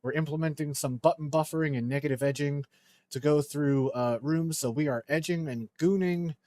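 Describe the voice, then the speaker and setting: A man's voice: on the high side, normal speed, dark tone, dry recording. A man live-streaming a speedrun, chatting casually and joking with his viewers.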